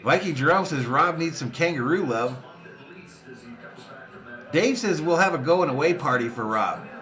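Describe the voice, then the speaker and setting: Bright-voiced man calling a live fan watch party. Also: moderate pace, soft background music. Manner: reads viewer comments aloud between excited pitch calls. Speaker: sports fan streamer and watch-party host. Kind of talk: live fan play-by-play with chat reading.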